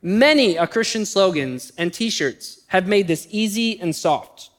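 High-voiced man preaching a sermon. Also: expressive. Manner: storytelling, shifting between quick bursts and slow emphatic phrases. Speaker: pastor.

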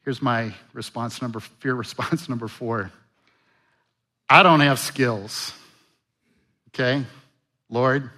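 A man's voice: mid-range voice, slow, pauses often. A man preaching a sermon, asking the congregation questions and acting out the voices of biblical figures. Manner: animated, acts out Bible voices, rhetorical questions. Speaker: pastor.

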